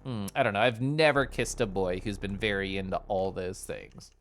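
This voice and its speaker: A man's voice: on the low side, moderate pace, a bit bright. A man streaming, chatting casually and playfully with his chat, often giggling.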